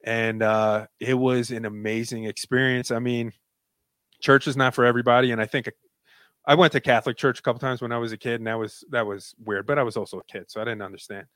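A man's voice: mid-range voice, fairly even intonation, fast talker, a bit bright, no echo. A man in his late thirties, a guest telling an emotional personal story in a casual, rambling way with many fillers. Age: 30s.

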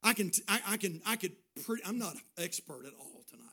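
A man preaching a sermon as pastor, swinging between loud shouted bursts and quiet, hushed storytelling. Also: sits high, animated, quick pace, husky.

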